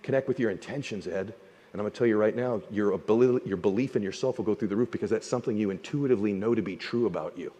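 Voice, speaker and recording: A man voicing an older male mentor, speaking softly and earnestly in a deep voice. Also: quick pace, in a large hall, muffled recording, close to an everyday voice. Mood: earnest, gentle.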